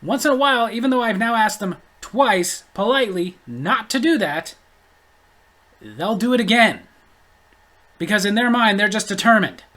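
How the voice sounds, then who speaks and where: A man's voice: sits high, animated, normal speed, sharp tone. A man telling a story in a casual, blunt, exasperated ranting way. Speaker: storyteller vlogger.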